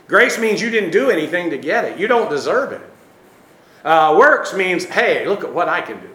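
Bright-voiced preacher man in an echoey room. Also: sits high. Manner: teacherly, emphatic, frequent "uh" fillers. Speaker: pastor. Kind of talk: expository sermon.

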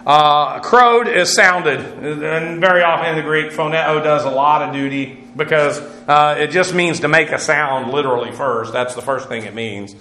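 A man's voice: a little high, normal speed, hardly any pauses, sharp tone. A man teaching a Bible lesson, walking through Greek words, spelling them out letter by letter with frequent filler sounds. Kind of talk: Greek word-study lecture. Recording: echoey room with faint noise.

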